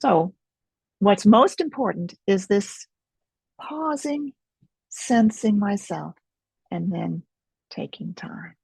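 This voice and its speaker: A middle-aged woman leading an experiential teaching webinar in a gentle, reflective way, pausing often, over a video call mic. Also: mid-range voice, creaky, breathy edge, no echo. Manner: gentle, reflective, unhurried with pauses. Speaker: Focusing teacher.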